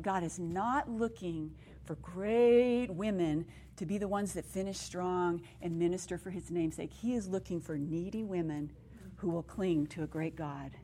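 A middle-aged woman speaking at a women's conference, telling her own story and teaching from the Bible in an animated way that acts out the people she quotes. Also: fairly low pitch, measured pace, slight background noise. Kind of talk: personal testimony and Bible teaching.

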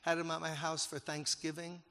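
A man preaching a sermon as a story, emotional and rising to loud, emphatic peaks. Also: on the high side, monotone, moderate pace. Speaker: pastor. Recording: long hall reverb.

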